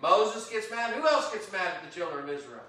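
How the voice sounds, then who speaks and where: A man preaching an interactive Bible teaching sermon, animated and quick to act out God's anger. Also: high-pitched. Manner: animated, acts out God's angry voice, rising to shouts. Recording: roomy echo, voice from a distance.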